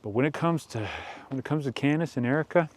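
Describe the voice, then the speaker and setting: A man hosting a rambling commentary show, speaking with mocking deadpan sarcasm. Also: medium pitch, fast. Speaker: commentary host.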